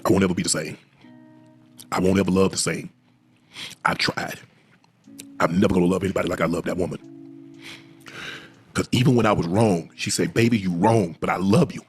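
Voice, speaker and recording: A man telling an emotional family story in a lively storytelling manner. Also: brisk, pauses often, soft background music. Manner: animated, acts out quoted relatives in higher voices. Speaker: guest telling a personal story.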